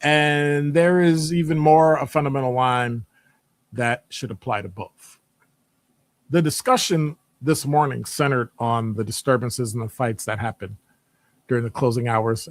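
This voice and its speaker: A man's voice: mid-range voice, normal speed, no room sound. A middle-aged man hosting a live stream, chatting casually and greeting viewers by name. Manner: greets chat viewers by name, lively rises. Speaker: host of a live stream show.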